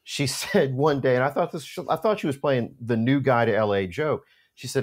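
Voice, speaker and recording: A middle-aged man telling a story in relaxed chat, lively and expressive. He stumbles through restarts and then hits key words hard. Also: medium pitch, moderate pace, hardly any pauses, slightly rough. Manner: animated storyteller, many restarts. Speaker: podcast co-host telling a story. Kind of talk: casual anecdote chat.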